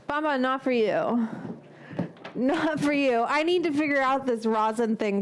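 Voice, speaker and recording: Chatty woman hosting a cooking stream. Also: sits high. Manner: chatty, tangent-prone, casual swearing, quick laughs. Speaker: live-stream cooking host. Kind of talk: rambling live-stream chat. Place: home kitchen.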